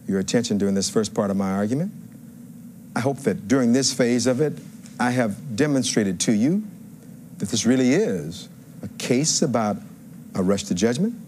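A man's voice: lowish voice, a little mellow, a little hiss or hum. A defense attorney in his fifties giving a courtroom closing argument to a jury, emphatic and rhetorical, building phrases through repetition. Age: 50s.

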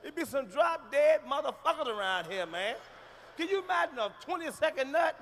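A high-pitched, bright-voiced man works the crowd in a live stand-up set, profane and loud. He acts out scenes with shouts and moans, and his voice comes through a stage mic with a faint hiss and room ambience behind. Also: big pitch swings, moderate pace. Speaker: stand-up comedian. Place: large live venue on stage.

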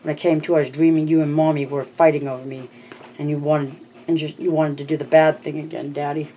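An audiobook narrator voicing a frightened small boy who blurts out his story in halting bursts. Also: medium pitch, level tone, mellow, slight background noise, natural voice. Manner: blurting, halting, stumbling over words.

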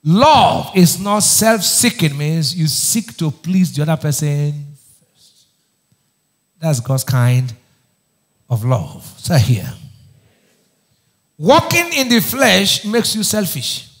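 A man's voice: a little high, very animated, takes it slowly, long pauses. A man preaching a sermon as pastor, firing questions back at the congregation for them to answer. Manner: call-and-response questions to the congregation; emphatic preaching, often raising his voice.

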